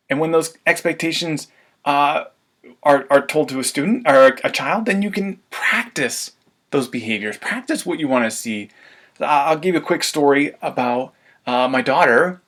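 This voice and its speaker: A man giving a parenting webinar, lively and laughing often, acting out everyday demands parents make. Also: a little high, moderate pace. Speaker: parenting coach. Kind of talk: webinar presentation.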